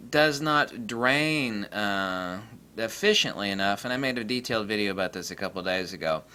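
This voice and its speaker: A man's voice: medium pitch, sharp tone. A man ranting casually to camera as a camera vlogger, rambling and boastful with lots of fillers.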